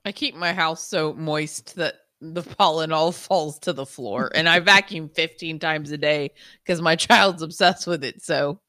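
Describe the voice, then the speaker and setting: A woman's voice: low voice, measured pace, bright, forceful tone, no echo, clean studio sound. A woman co-hosting a podcast, chatting casually, laughing often and reading news stories aloud. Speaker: podcast co-host.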